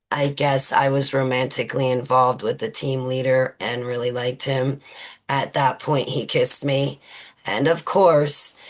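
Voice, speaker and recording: A woman in her forties, a guest in an interview, recounting personal memories in a halting way with many fillers and restarts. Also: rumbling low.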